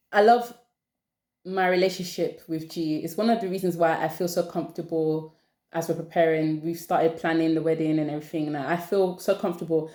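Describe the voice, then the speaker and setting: Exasperated young woman ranting. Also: lowish voice. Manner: exasperated, animated ranting with laughs. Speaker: channel host. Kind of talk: casual opinion chat. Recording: echoey room.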